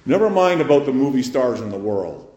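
A man's voice: mid-range voice, big pitch swings, brisk. Emphatic male preacher in a roomy hall. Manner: emphatic, asks rhetorical questions, swings loud and soft. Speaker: pastor. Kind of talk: sermon. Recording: roomy echo.

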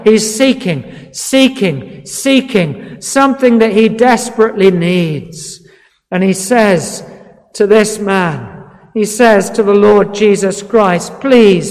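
A man's voice: sits high, a little mellow. A man preaching a sermon in an earnest, pleading way, repeating words for emphasis. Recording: long hall reverb.

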